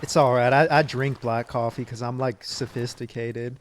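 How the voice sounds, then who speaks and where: Fellow roleplayer, man, mid-pitched, playful joker in loose banter. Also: steady tone, normal speed, a little hiss or hum. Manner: playful, jokey. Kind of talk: casual in-character chat.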